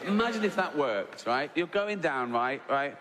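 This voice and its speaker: On a large theatre stage, a middle-aged man does stand-up, telling loose, profane, mocking stories and ending lines with "right?" His voice is a little high and a bit bright, animated, at normal speed. The recording carries big hall reverb and faint crowd ambience.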